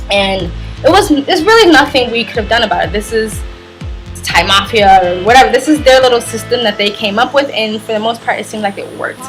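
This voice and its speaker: A woman's voice: on the high side, expressive, a little fast, fairly bright tone, faint music behind, rough recording. A woman vlogger telling a travel story in a chatty, rambling way, with lots of "like". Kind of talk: storytime vlog.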